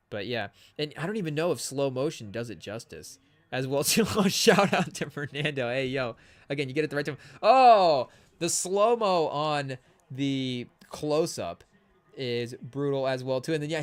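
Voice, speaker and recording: A young man hosting a live sports podcast in a casual, rambling way, often restarting his sentences and joking with his chat. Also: mid-range voice. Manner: rambling, self-interrupting, jokey. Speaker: podcast host.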